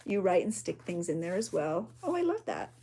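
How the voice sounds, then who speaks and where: Background noise accompanies this fairly low-pitched, very animated woman speaking at normal speed. An adult with a child, she runs a junk journal livestream, crafting as she chats casually, reads out viewer comments, and reacts with gasps and exclamations.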